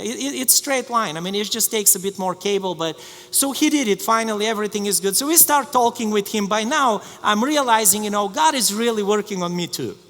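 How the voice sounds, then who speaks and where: A man preaching a sermon as pastor, telling a personal story with lively restarts and repeated words. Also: high voice, big-room sound. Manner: storytelling, animated with many restarts. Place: church sanctuary.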